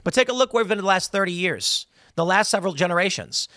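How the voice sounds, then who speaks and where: A man's voice: sits high, animated, fast talker, sharp tone, no echo, studio quality. A man hosting a political commentary show, talking in an emphatic, heated way and slipping into mocking voices when he quotes people. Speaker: podcast host.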